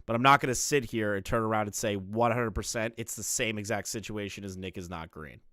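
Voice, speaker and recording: A man reacting to clips with blunt, swearing commentary and frequent laughter. His voice sounds bright and forceful. It is dry and close, with no room sound. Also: on the low side, brisk, no room sound. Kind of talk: casual profane commentary.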